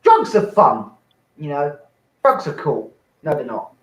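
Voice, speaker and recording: A young man hosting and doing a rambling, sweary stand-up set from his flat, breaking into sudden shouts. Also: a little high, a little slow. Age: young adult. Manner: rambling, swearing, self-interrupting, shouting bursts. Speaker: host and stand-up comic. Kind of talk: stand-up set on an online open mic. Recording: echoey, dull lo-fi home mic.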